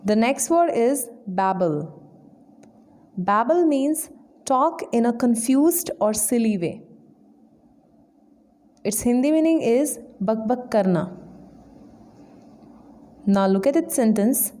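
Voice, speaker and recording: Female English trainer, high voice, deliberate slow lesson delivery. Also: animated, warm tone. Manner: slow, deliberate word-by-word explanation. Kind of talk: vocabulary lesson.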